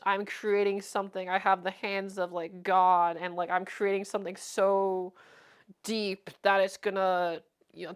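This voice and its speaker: A woman's voice: mid-range voice, clean tone. A young woman streamer chatting casually, rambling with lots of fillers and frequent laughter. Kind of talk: casual chat.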